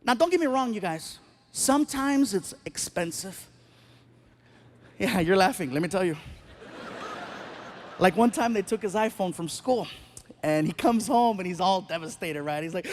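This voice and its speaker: A Mexican American man doing stand-up on stage, telling stories with animated acted-out dialogue. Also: high-pitched, moderate pace, pauses often. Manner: animated, acts out dialogue with voices. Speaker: stand-up comedian. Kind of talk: stand-up storytelling. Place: comedy stage before live audience.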